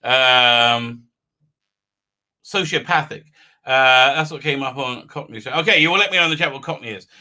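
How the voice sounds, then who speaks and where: Guy rambling on a livestream, very bright voice, lots of ums and restarts, reads the chat, mic level jumps around. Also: medium pitch, normal speed. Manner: rambling, many fillers and restarts; chatty, reads out viewer comments. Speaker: livestream host. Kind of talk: live-stream chat with viewers. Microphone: desk mic with unsteady level.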